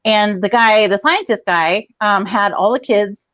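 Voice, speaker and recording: A woman in her forties on a video call, telling a rambling, profane story in a casual, animated way. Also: mid-range voice, a little slow, no room sound, highs cut off. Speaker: guest comedian.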